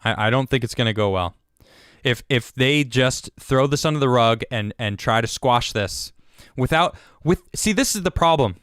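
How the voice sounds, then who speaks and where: A man's voice: mid-range voice, lively intonation, normal speed, a bit bright, clear, resonant tone, no room sound, studio quality. A man hosting a livestream and giving heated political commentary. He stammers, restarts and repeats his words. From United States. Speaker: show host.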